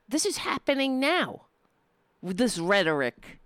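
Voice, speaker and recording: A woman's voice: fairly high pitch, lively intonation, a bit bright, clear, resonant tone, no room sound, studio quality. A woman giving an indignant opinion monologue, often stumbling and restarting as she builds her point. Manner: impassioned, indignant, with halting restarts.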